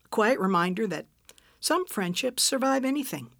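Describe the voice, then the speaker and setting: A woman narrating a story in an expressive, unhurried reading voice. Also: on the high side, no echo, clean studio sound.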